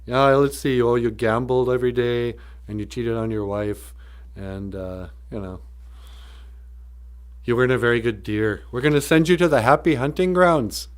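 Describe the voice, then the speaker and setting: A man's voice: medium pitch, moderate pace, close to an everyday voice. A man voicing a casual male gatekeeper of heaven who reads out records in an offhand way.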